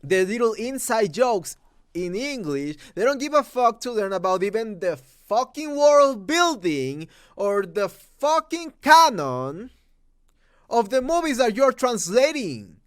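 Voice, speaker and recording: A man's voice: high-pitched, big pitch swings, takes it slowly, fairly bright tone, clean tone, no echo, clean studio sound. A young Mexican man with a Mexican accent, ranting about a movie dub, profane and exasperated with frequent restarts. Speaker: movie reviewer. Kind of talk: angry rant.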